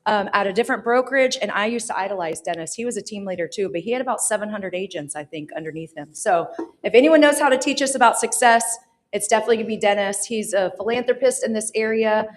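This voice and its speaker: A woman's voice: medium pitch, quick pace. Upbeat woman introducing a speaker. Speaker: event emcee. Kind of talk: stage introduction. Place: conference stage.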